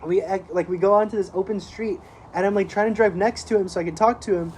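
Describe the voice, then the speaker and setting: A man's voice: high-pitched, steady tone, fast, a little mellow, a little hiss or hum, low-quality recording. A man, co-hosting a podcast, tells a rambling story in casual chat, swearing often and laughing as he goes. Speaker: podcast co-host.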